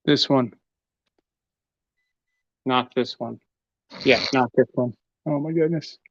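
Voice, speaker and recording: A man's voice: mid-range voice, slow, dry recording. A man hosting a live tool demonstration, talking casually while he handles his gear. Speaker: host demonstrating tools. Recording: dull lo-fi livestream audio.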